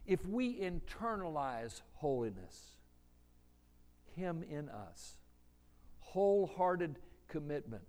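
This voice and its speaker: Slow-talking male preacher. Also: mid-range voice, mellow. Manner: slow, conversational preaching with audience questions. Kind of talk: sermon. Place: church sanctuary with congregation.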